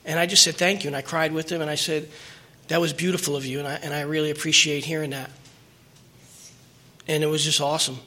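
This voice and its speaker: A man's voice: fairly high pitch, flat delivery, fast, pushed and bright. A middle-aged man telling his personal recovery story at a meeting, earnest and emotional, rambling with restarts.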